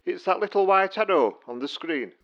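A man's voice: high-pitched, expressive, moderate pace, fairly bright tone, dull audio. Patronizing help desk man. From Stocksbridge, England. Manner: polite, patronizing, dry. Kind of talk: comic sketch acting.

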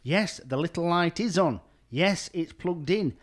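A man's voice: fairly high pitch, unhurried. A man playing a grumpy, sarcastic caller who keeps losing his temper with a help desk. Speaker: exasperated caller. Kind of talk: comic sketch acting.

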